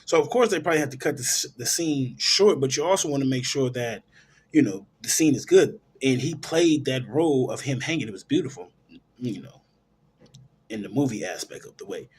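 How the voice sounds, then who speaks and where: A man's voice: medium pitch, lively intonation, brisk, a little hiss or hum. A man hosting a film show, casually retelling a movie's plot in a rambling way, full of fillers and restarts. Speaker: film review host.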